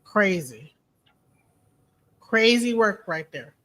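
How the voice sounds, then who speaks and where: A woman's voice: medium pitch, lively intonation, drawn-out words, fairly bright tone. A young woman hosting a casual live-stream chat, rambling and joking with plenty of profanity. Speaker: host.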